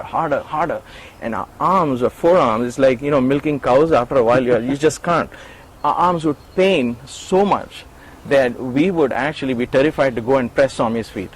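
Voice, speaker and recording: A man's voice: medium pitch, fairly quick, rough recording. A middle-aged man recounting memories in an interview, acting out quoted lines with restarts and repeated words. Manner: animated storyteller, acts out quoted lines. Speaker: interview guest, former attendant. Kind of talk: storytelling in an interview.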